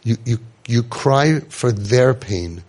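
Taking his time, an inspirational speaker with an expressive, mid-range, slightly mellow voice tells stories to an audience. He jokes and acts out the people in his quotes.

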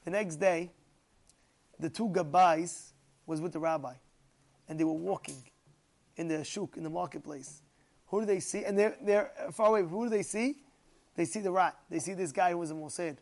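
A high-pitched man teaches a religious class. He tells his story emphatically and repeats key phrases to drive them home. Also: moderate pace, long pauses, darkish tone. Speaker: Torah teacher.

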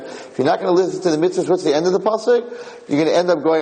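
Speaking quickly in a fairly high voice, a rabbi tells animated stories during an informal Torah class, circling back to repeat and restart phrases. The room sounds large, and the audio is poor.

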